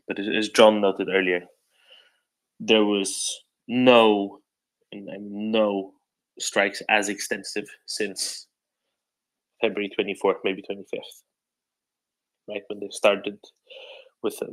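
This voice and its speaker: A man's voice: lowish voice, vocal fry, a bit bright, poor audio. A man hosting a live audio discussion, talking casually in rambling bursts with many restarts. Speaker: host of a live audio space.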